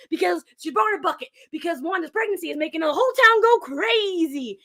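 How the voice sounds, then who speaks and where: A woman with a very high, piercing voice races through a playful recap. Her tone is bright and sharp, and she keeps dropping into exaggerated character voices. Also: expressive, quick pace. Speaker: podcast co-host. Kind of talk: animated episode recap with silly character voices.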